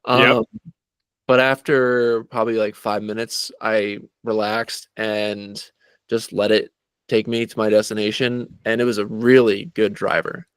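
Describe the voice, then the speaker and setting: A man in casual podcast chat, talking in a relaxed, halting way with many filler words. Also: fairly low pitch, clear, resonant tone, no echo. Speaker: podcast co-host.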